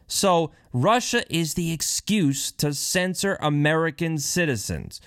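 Animated, sarcastic male commentator. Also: a little high, measured pace, no room sound, clean studio sound. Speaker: political commentator. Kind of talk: reading and commenting on news.

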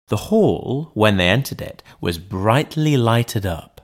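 A man's voice: on the low side, animated. Man reading a classic novel aloud. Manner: measured, deliberate reading. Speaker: audiobook reader. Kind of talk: scripted narration.

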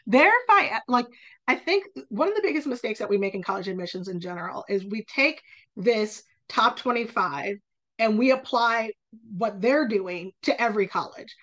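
A woman speaking as a college admissions tutor in a casual podcast conversation, talking passionately in quick bursts. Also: medium pitch, lively intonation, a bit bright, highs cut off.

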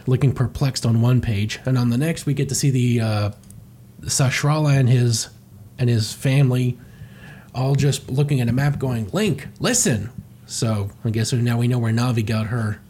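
A man's voice: mid-range voice, normal speed, a little mellow, slight background noise. A man reading through a comic and commenting sarcastically, swearing casually. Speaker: comic reviewer.

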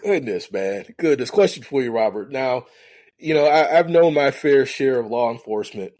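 A man's voice: mid-range voice, animated, normal speed, darkish tone, no echo. A man hosting a podcast, asking questions in a hesitant way with frequent restarts. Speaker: podcast host. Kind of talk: interview questions.

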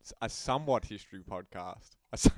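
A man's voice: lowish voice, expressive, a little fast. A man co-hosting a comedy podcast, laid-back and sardonic, swearing casually. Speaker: podcast co-host.

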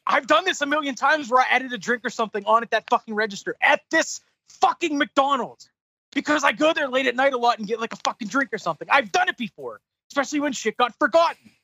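A man's voice: very high voice, quick pace, gravelly, slightly rough, dry recording. Profane man ranting through a story. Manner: profane, heated, animated retelling. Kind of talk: casual storytelling rant.

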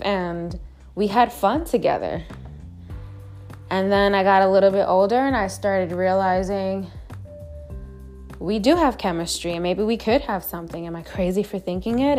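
A woman's voice: medium pitch, a little mellow. A woman host telling a personal story in a candid, chatty way, with frequent swearing. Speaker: podcast host. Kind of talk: casual storytelling monologue.

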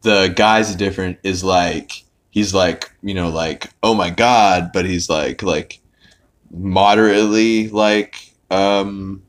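A man with a fairly low voice talks through a cartoon episode in loose, casual podcast chat. He rambles, leans hard on filler words and throws in the odd curse. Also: steady tone, slow. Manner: rambling, full of "like" fillers, swearing. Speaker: podcast host.

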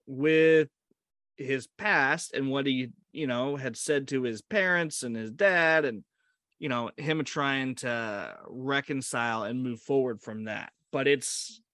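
A man's voice: mid-range voice, fairly bright tone, dry recording, studio quality. A man co-hosting a casual movie podcast, chatty and hesitant, often restarting his sentences and laughing. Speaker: podcast co-host. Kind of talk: casual movie-discussion chat.

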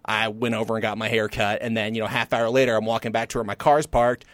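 A man co-hosting a casual podcast chat, telling a story in an animated, self-deprecating way. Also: on the low side, fast talker, dry recording. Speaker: podcast co-host.

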